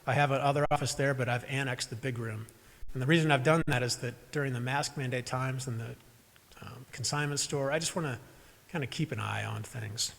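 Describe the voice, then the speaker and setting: Speaking fairly quickly in a gravelly, fairly bright, medium-pitched voice, a pastor preaches at a live service in an echoey church sanctuary. His sermon is a personal story told conversationally, dotted with self-deprecating comments to the congregation.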